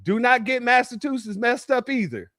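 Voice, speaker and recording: A man's voice: very high-pitched, animated, normal speed, pushed and bright, no room sound, clean studio sound. A man from California giving casual commentary, laughing often and repeating himself. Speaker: commentary channel host.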